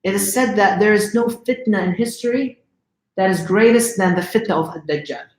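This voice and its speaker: A man's voice: high-pitched, normal speed. A man telling a religious story in a casual livestream lesson, chatty and often asking the audience questions. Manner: conversational, asks the audience questions. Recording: roomy echo.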